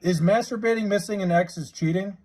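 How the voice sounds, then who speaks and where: A man livestreaming from his house, casually chatting and reading out viewer comments, loose and profane, drawling joke names slowly. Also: high voice, darkish tone. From New York area.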